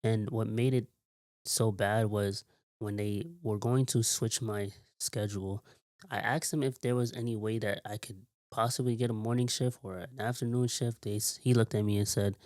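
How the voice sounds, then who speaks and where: A man telling a long, rambling story in a casual vlog, repeating himself and filling pauses with "like". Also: fairly low pitch, steady tone, a little mellow, no echo, clean studio sound. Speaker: vlogger.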